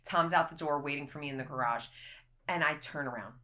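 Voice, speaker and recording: Play a young woman talking with a low but bright, forceful voice. Keep it casual and blunt, like you're telling friends a wild story, and let a swear slip out now and then. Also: a little fast. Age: young adult. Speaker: podcast guest.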